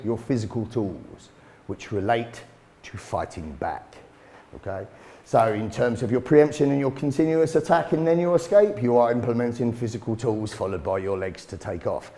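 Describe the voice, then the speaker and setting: Blunt self-defence instructor. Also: male voice, mid-range voice, a little mellow. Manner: blunt, swears casually. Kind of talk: instructional talk.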